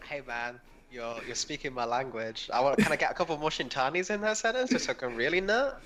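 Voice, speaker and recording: Bright, animated joking man. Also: medium pitch, fast talker. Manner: animated, joking, swears freely. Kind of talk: casual podcast chat.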